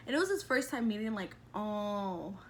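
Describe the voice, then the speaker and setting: A woman in her twenties, a vlogger telling a personal story in a chatty, animated way with lots of fillers. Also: medium pitch, moderate pace, slight background noise. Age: 20s. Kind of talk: casual storytelling.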